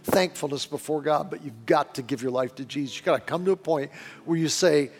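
Earnest preaching man, bright-pitched. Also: a little fast. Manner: earnest, pleading, drops to hushed tones. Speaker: pastor. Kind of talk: sermon. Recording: long reverb with faint music behind.

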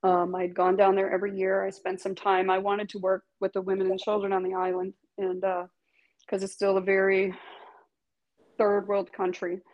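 A woman's voice: mid-range voice, monotone, normal speed, darkish tone, highs cut off. A middle-aged woman speaks in an ordinary mid-range voice, recounting her own story as an interview guest. She talks emphatically, laughs often and swears without fuss. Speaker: guest, tattoo artist.

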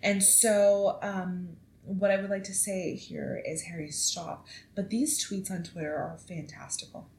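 A woman in her twenties hosting a casual solo podcast, chatty and animated, swearing freely as she tells stories. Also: fairly low pitch, measured pace, gravelly, hardly any pauses, a little hiss or hum. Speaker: podcast host. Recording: echoey room.

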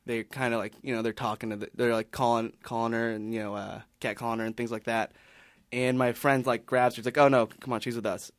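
Male podcast panelist, mid-pitch, casual rambling storyteller, dry sound. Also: little pitch movement, a little fast, no room sound. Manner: rambling, many restarts and fillers.

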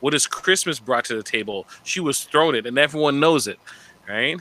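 A man in casual podcast chat with a bright, forceful tone. He talks with lively energy and often slips into slangy impressions of the people he's discussing. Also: mid-range voice, normal speed. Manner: animated, mimics contestants with slangy impressions. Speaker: podcast co-host.

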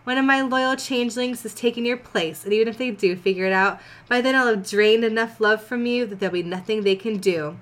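A woman's voice: a little high, a little fast, hardly any pauses, a bit bright, close to an everyday voice. A woman voicing a gloating, teasing villainous pony queen in a comedic fanfic reading. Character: sneering villainous insect-like pony queen, female.

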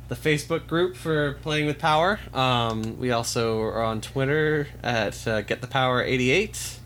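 A man's voice: mid-range voice, a bit bright, a little hiss or hum. A man hosting a podcast, chatting casually with rambling asides and joking remarks. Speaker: podcast host.

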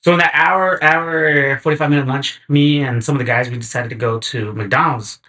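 Bright-voiced man telling a laid-back story. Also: mid-range voice, normal speed. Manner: laid-back, slangy, acts out quotes in animated bursts. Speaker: podcast guest. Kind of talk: casual chat, storytelling.

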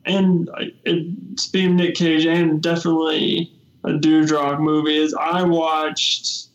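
A man's voice: on the high side, level tone, a little slow, dull audio. A man co-hosting a casual podcast chat, talking in a loose, laid-back way that trails off.

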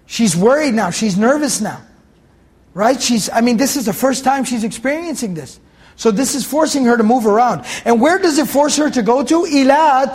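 High-voiced man teaching Quran commentary. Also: slightly rough. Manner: repeats key phrases, explains Arabic words.

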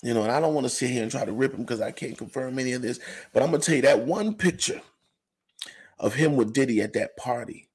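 A man giving rambling, animated commentary to camera, full of "you know" asides. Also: mid-range voice, quick pace, husky. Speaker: commentary vlogger. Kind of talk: casual ranting commentary.

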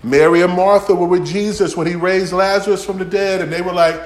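A man preaching a folksy sermon, swinging from shouts to near-whispers. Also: sits high, steady tone, a little fast, roomy sound. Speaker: pastor.

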